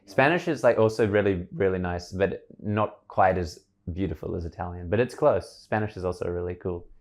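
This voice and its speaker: A man's voice: low-pitched, brisk. A man hosting a podcast in casual conversation, chatty and enthusiastic, prone to rambling. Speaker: podcast host.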